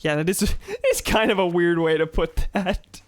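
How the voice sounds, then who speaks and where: A man's voice: high voice, sing-song, a little slow, no room sound. A young man with a sore throat, casually joking and swearing while streaming a game. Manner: joking, swears, reads game dialogue aloud. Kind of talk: casual gaming commentary.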